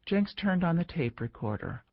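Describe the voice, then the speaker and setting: A man reading a political thriller audiobook in steady narration. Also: fairly high pitch, normal speed, vocal fry, no room sound, highs cut off.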